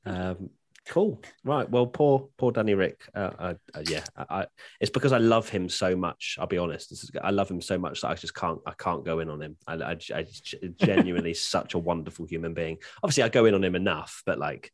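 A man's voice: sits low, brisk. A man hosting a podcast, joking and moving the chat from one segment to the next. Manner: jokey, drives the segments. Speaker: podcast host. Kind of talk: casual chat.

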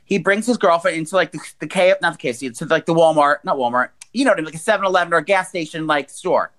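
A man's voice: fairly high pitch, rapid-fire, fairly bright tone. A man in his forties co-hosting a podcast, telling crude stories in casual, profane, rambling chat. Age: 40s. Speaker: podcast co-host.

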